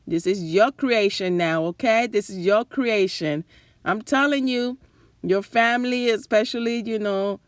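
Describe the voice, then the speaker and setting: A woman hosts a casual cooking demonstration at her stove, talking slowly and chattily to her viewers. Her voice is fading as she goes, and the sound is close and dry with pans sizzling behind her. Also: mid-range voice, no room sound. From New Jersey and New York area. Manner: chatty, enthusiastic, addresses viewers directly. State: losing her voice. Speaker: cooking channel host. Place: home kitchen at the stove.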